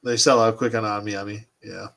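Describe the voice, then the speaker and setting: A man's voice: on the low side, little pitch movement, fairly quick, creaky, fairly bright tone. A man in his thirties hosting a casual livestream, rambling and thinking aloud as he answers his chat. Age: 30s. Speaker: toy collecting livestream host.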